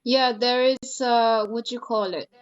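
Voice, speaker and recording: A woman's voice: fairly high pitch, fairly even intonation, unhurried. A woman chatting casually as a podcast guest, blunt and outspoken, swearing freely. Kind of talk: casual chat. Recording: dull lo-fi sound.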